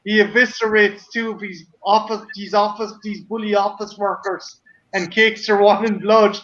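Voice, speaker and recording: High-voiced man on a dull video call. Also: fairly even intonation, moderate pace, a bit bright. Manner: swears casually, stumbles and repeats words. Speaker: guest on a video call chat. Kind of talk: casual group chat on a video call.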